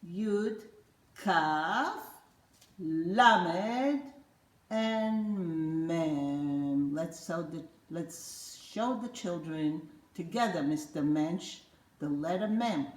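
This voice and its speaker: A woman's voice: lowish voice, lively intonation, slow pace, a little mellow. An older woman teaching children their letters with a puppet, playful and coaxing, repeating words for them to say back. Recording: roomy echo.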